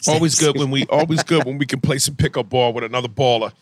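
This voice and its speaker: A man's voice: mid-range voice, fast talker, dry recording. A man hosting a podcast in casual banter, reading listener emails in a brash, profane, teasing way. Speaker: podcast host.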